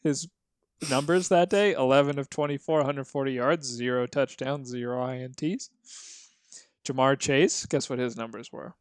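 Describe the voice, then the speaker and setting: A man's voice: mid-range voice, normal speed, dry recording, clean studio sound. Man telling a story in casual chat. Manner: storytelling, acts out quoted people. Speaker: podcast co-host.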